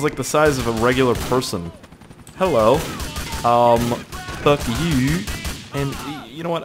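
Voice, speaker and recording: A man giving casual gameplay commentary, excitable, swearing, laughing and talking to himself as he plays. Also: mid-range voice. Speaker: let's play gamer.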